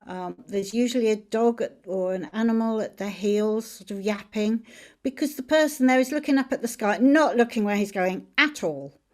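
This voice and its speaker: A woman's voice: medium pitch, normal speed, darkish tone. A woman teaching tarot in a friendly, chatty way, explaining each card as she shows it. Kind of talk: informal teaching on camera.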